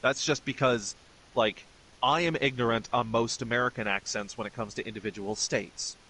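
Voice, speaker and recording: A man's voice: medium pitch, steady tone, moderate pace, bright, forceful tone, slight background noise, rough recording. A middle-aged man streaming games, ranting bluntly and swearing freely in casual commentary. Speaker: gaming streamer. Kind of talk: casual commentary over gameplay.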